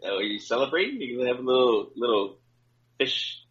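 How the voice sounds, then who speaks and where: A man's voice: medium pitch, sing-song, a little fast, a bit bright, breathy edge. A man co-hosting a podcast in casual chat, teasing his co-host in a wry way and giving blunt advice. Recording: dull lo-fi audio.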